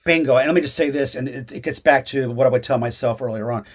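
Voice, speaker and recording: Actor-teacher type, middle pitch, lively and restless, lots of restarts, casual video-call answers. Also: male voice, fast. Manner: animated, many restarts and fillers.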